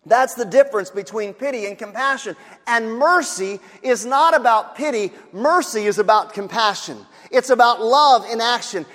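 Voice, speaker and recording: A man's voice: extremely high pitch, a bit bright. A man preaching a sermon, repeating his key phrases for emphasis and acting out the voices of sighing bystanders. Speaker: pastor. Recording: long hall reverb.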